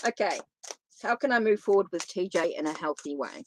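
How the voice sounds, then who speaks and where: A woman's voice: lowish voice, animated, a little fast, a little hiss or hum. A woman doing a live tarot reading, talking in a chatty, informal way straight to her viewers. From New Zealand. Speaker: tarot reader.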